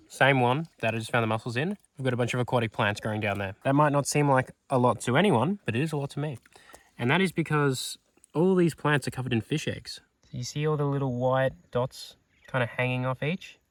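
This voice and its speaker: A young man, a PhD student, talks enthusiastically and pokes fun at himself while doing fieldwork out in a swamp for a casual outdoor vlog. His mid-range voice is fairly quick and a bit bright, with no echo. The mic sits at a distance and picks up faint outdoor noise.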